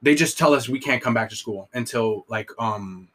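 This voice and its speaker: A young man tells a long story on a casual podcast, rambling and profane. He leans hard on filler words and restarts, and his pitch sits in the middle. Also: moderate pace, fairly bright tone. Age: young adult. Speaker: podcast co-host telling a story.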